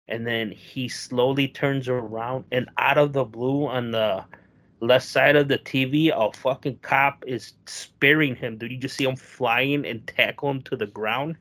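A man's voice: mid-range voice, fairly even intonation, unhurried, fairly bright tone. Casual male talker, loose and profane, lots of "like", acts out quotes. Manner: rambling, profane, filler-heavy, acts out quotes. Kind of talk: casual chat, storytelling.

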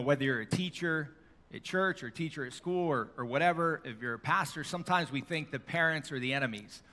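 A man's voice: medium pitch, sharp tone, in a large hall. A middle-aged man preaching a sermon in a church, telling stories in a conversational way with fillers.

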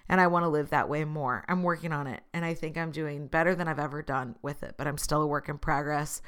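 A woman's voice: sits low, fairly even intonation, quick pace, a bit bright, smooth. A woman talking through her thoughts in a casual, earnest vlog monologue, laughing at herself now and then. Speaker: vlogger.

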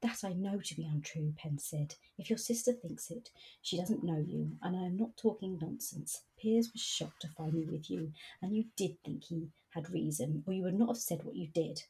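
A woman reading passages from a novel aloud and chatting about them in a measured, hesitant way. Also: fairly low pitch, gravelly, dark tone, slightly rough, low-quality recording.

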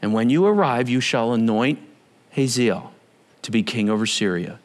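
A solemn, commanding God speaks slowly and measuredly, as a male preacher reads the part aloud. The voice sits well below the preacher's usual pitch and sinks almost to a hush. The delivery is quiet and grave, in a sermon Bible reading. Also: expressive, close to an everyday voice.

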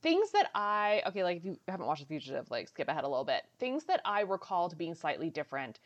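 Lower-voiced woman on muffled audio. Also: sing-song, fast talker. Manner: chatty, recounting at length with fillers. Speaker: podcast co-host. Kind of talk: casual chat.

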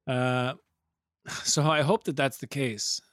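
A man's voice: medium pitch, steady tone, slow pace, a bit bright, dry recording, clean studio sound. Joking man in casual podcast chat. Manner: joking, rambling, laughs often. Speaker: podcast co-host.

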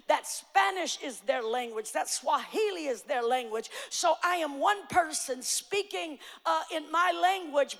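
High-voiced woman preacher, gravelly, echoing hall. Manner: preaching with rising fervor, shouting emphatic lines; frequent fillers and repeated starts. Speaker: pastor. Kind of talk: sermon. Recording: long hall reverb.

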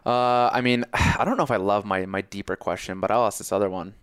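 A man's voice: fairly low pitch, a little fast, clear, resonant tone, no room sound, studio quality. A young man from Connecticut, a business coach, chatting casually and telling stories with playful exaggeration. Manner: animated storytelling, playful exaggeration. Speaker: business coach for personal trainers. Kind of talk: casual chat.

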